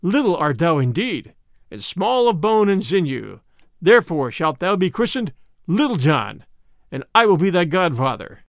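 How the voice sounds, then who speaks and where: A man's voice: high-pitched, sing-song, normal speed, no echo, studio quality. A man voicing a joking outlaw who loves a jest, teasing in old-fashioned formal speech for a storybook reading.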